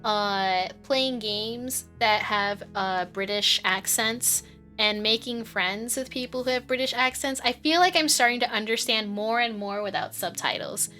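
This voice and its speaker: A woman streamer with a bright, slightly high voice chats casually as she plays. She rambles, giggles often and swears freely. Faint game music sits underneath. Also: unhurried. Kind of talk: casual live-stream chat.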